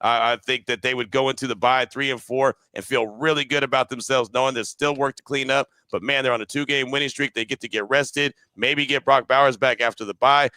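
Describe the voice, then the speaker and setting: Guy hosting a sports pod, bright forceful voice, dry close sound, keeps asking "right?". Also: medium pitch, steady tone, fairly quick, hardly any pauses, clear, resonant tone, no room sound. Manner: analytical, often ends points with "right?". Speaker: podcast host. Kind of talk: casual sports podcast talk.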